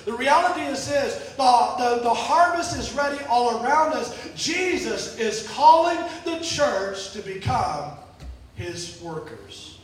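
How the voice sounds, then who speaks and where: A man preaching a sermon, telling stories and moving between sudden shouts and quiet drops, often repeating words as he restarts. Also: very high voice, sing-song, takes it slowly. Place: church. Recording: echoey hall from far off.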